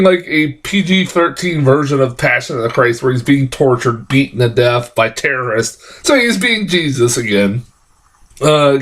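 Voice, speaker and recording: Man, film reviewer, casual rant, heavy swearing, pitch swings all over. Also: a bit bright. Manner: profane, exasperated, frequent fillers and restarts.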